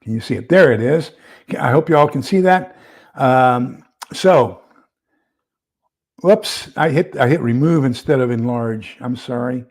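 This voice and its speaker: A man's voice: mid-range voice, a little slow, a little mellow. A man hosting a casual live stream, rambling with many fillers as he reads a document aloud and fumbles with screen sharing. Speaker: livestream host.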